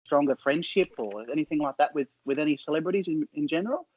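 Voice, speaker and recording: A man's voice: on the high side, fast talker, a little mellow, dry recording, dull audio. A man hosting a podcast, chatting informally and enthusiastically. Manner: enthusiastic, informal, says mate often. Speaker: podcast host. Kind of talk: casual interview chat.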